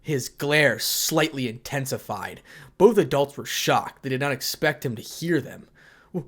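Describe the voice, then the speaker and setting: Male fanfic narrator, plain reading, mid pitch. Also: measured pace. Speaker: fanfic reader. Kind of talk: story narration.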